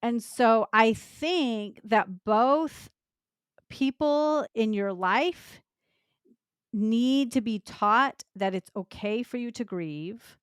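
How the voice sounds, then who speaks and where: A woman's voice: on the high side, drawn-out words, clear, resonant tone, dry recording, studio quality. A woman hosting a podcast, talking earnestly and with empathy about clients she counsels. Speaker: podcast host, lactation consultant. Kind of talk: podcast conversation.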